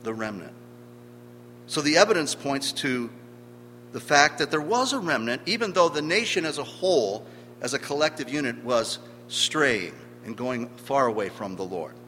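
Guy preaching a sermon, bright forceful voice, long echo in the hall, bit of hum. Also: mid-range voice, sing-song, normal speed. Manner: emphatic, rising and falling in volume for stress.

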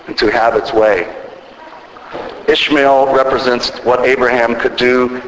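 Male preacher, mid-pitched, measured delivery rising to emphatic peaks, long hall reverb, faint noise. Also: fairly bright tone. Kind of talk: sermon.

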